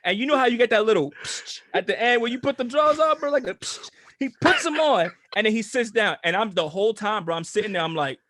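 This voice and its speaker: Podcast co-host, male, high voice, animated and profane storyteller, dry close sound. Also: quick pace, dry recording. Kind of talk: casual storytelling chat.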